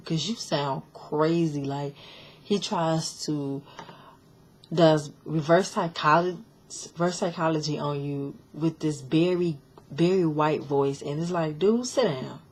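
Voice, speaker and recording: A woman with a notably low voice talks through a reality show episode in a loose, rambling way. She is blunt and sassy with her opinions and fills her talk with ums, likes and restarts. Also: fairly even intonation, a little slow. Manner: chatty, opinionated, many fillers and restarts. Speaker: show recap vlogger. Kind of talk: casual reality-show recap.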